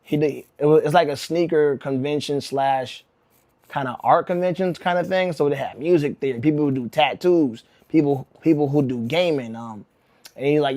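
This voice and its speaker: Young streamer guy, slightly high voice, loose slangy storytelling, lots of bro, for a casual vlog read. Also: moderate pace, a little mellow, no echo. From Connecticut, USA. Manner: slangy and rambling, says bro a lot, restarts often. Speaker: rug-making livestreamer.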